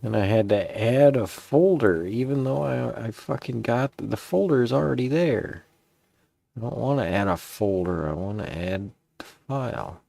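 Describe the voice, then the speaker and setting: A man's voice: mid-range voice, lively intonation, normal speed, gravelly, warm tone, no echo. A man chatting casually while editing his own video clips, rambling and grumbling as he works. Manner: rambling, grumbling aside to himself. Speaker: streamer.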